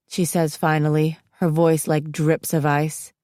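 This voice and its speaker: Low-voiced woman reading an audiobook. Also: measured pace, few pauses, no room sound, studio quality. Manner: expressive reading, voicing both mother and daughter. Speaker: audiobook narrator. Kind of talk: first-person audiobook narration.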